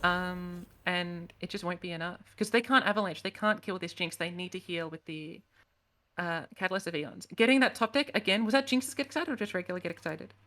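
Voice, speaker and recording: A woman's voice: on the low side, fairly quick, a bit bright. Self-doubting woman esports caster. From the Americas. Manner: analytical, thinks aloud, second-guesses herself with a laugh. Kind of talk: live esports game commentary.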